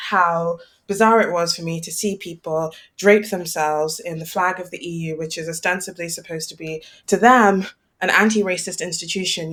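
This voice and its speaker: Lower-voiced woman hosting a podcast, calm and analytical, keeps asking right?. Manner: measured, analytical, frequent "right?" checks. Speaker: podcast co-host. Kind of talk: political podcast discussion.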